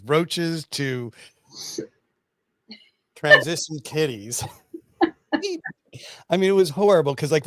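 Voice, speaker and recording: A man hosting a casual online chat, telling stories in an animated way over a video call. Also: medium pitch, no room sound, clean studio sound. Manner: animated storyteller. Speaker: host.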